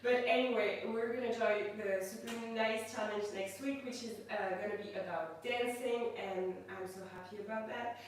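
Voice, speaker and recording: A woman's voice: a little high, a little hiss or hum. French-accented woman teaching yoga in an echoey room. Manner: calm slow cueing, then chatty and thankful. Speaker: yoga instructor. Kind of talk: guided yoga livestream. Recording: echoey room, mic at a distance.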